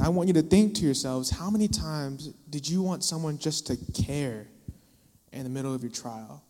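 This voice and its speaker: A young man preaching a casual sermon into a microphone, dropping into acted-out quotes and sudden loud bursts for emphasis. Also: a little high. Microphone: microphone in a hall. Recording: long hall reverb.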